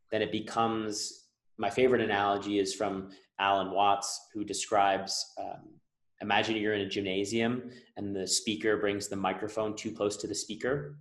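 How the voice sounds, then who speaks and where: A man's voice: fairly low pitch, echoey room, poor audio. A man hosting a podcast, earnestly explaining ideas with analogies in a reflective conversation. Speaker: podcast host.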